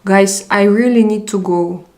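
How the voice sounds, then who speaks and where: A woman's voice: medium pitch, steady tone, unhurried, darkish tone. A young woman hosting a casual live chat, reading viewer comments aloud and answering them. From Russia. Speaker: live stream host.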